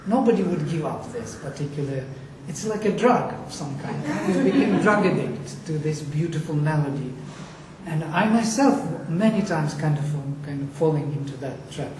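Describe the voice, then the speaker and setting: A man's voice: a little high, animated, a crowd in the background. Passionate man chanting in an echoey room. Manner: passionate, chants verses slowly. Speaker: Sanskrit teacher. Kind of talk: lecture with chanted Vedic recitation. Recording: echoey room, far from mic, faint noise.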